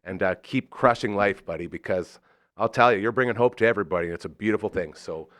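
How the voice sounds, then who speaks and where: A man hosting a live podcast, effusive and enthusiastic, swinging between loud excitement and soft sincerity while reading sponsor spots. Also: on the low side, quick pace, dry recording, clean studio sound. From Canada. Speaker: host. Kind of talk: live podcast talk with ad reads.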